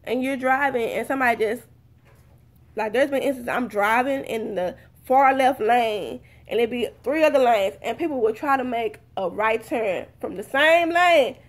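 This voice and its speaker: Earnest woman vlogger, slightly high voice. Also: moderate pace. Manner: earnest, repetitive, addresses viewers as "you guys"; acts out heated and calm exchanges. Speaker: vlogger giving advice. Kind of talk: casual talk to camera.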